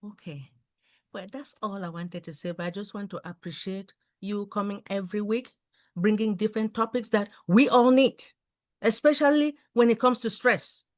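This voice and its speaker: A woman talking as a guest on an online talk show, telling animated stories full of asides over a video call. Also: mid-range voice, normal speed. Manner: animated storytelling with many asides. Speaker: guest speaker. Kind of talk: casual talk-show chat.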